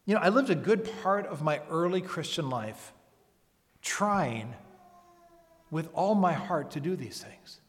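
Pastor guy preaching slow and earnest, lots of questions to the crowd, big reverby hall sound. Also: fairly high pitch, expressive. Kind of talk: sermon. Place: church service.

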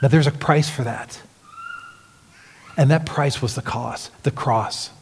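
A man preaching a sermon as pastor, earnest, dropping to hushed lines and then rising with emphasis. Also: medium pitch, takes it slowly, a little hiss or hum. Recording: long hall reverb.

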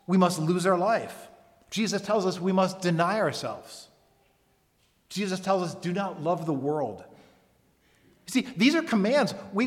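Man, pastor, slow deliberate sermon, high voice, echoing church hall. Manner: earnest, emphatic preaching with rhetorical questions. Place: church service.

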